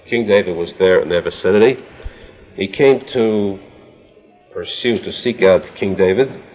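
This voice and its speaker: A man teaching as he retells a scripture story in a measured way, voicing the quoted speakers himself. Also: low-pitched, big-room sound. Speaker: Torah teacher. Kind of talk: storytelling lesson. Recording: dull lo-fi recording.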